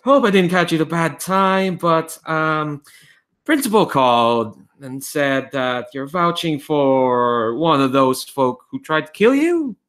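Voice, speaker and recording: A man's voice: on the high side, expressive, a little slow, fairly bright tone, voice pushed up. A man voicing a cheery, chatty middle-aged woman calling a teenager, in a tabletop game.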